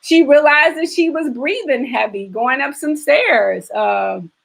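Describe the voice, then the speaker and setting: A fitness trainer hosts a relaxed live stream, talking straight to her viewers. Her voice sits a little high for a woman. She rambles warmly between topics, with plenty of "you know" and "um" along the way. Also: measured pace, creaky. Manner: chatty, reads and answers viewer comments, frequent fillers. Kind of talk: casual live-stream chat.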